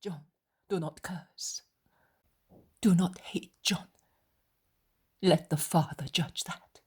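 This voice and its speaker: A woman's voice: fairly low pitch, steady tone, husky, full character voice. Woman whispering as a tender grieving mother, whispered role-play. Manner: whispered, soft, short sentences with pauses.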